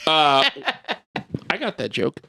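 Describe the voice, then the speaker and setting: A man's voice: fairly high pitch, sing-song, creaky, bright, forceful tone. A man hosting a casual podcast, running a quiz and reading the questions out with jokes in between. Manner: reads quiz questions out slowly, jokey. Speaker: podcast host and quizmaster.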